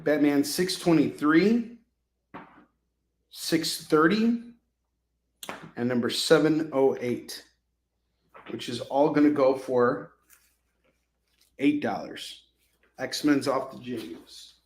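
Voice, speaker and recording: A man's voice: medium pitch, expressive, slow pace, long pauses, a little hiss or hum. A man hosting a live comic-book sale, chatting casually with viewers in a joking, sarcastic way. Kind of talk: casual live selling chat. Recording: echoey room.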